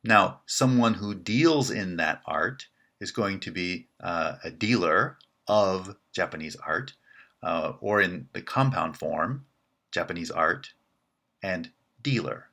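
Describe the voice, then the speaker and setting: Slow deep-voiced male lecturer. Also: animated, sharp tone. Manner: measured and explanatory, with frequent "right?" check-ins. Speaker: linguistics lecturer. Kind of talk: recorded lecture.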